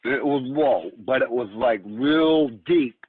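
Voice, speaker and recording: A man's voice: medium pitch, slow pace, darkish tone, slightly rough, poor audio. A man of about sixty from Northern Michigan, telling a long story as a guest in a rambling, casual way with many restarts. He acts out the lines of the people in his story. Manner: rambling, full of restarts, acts out quoted speech.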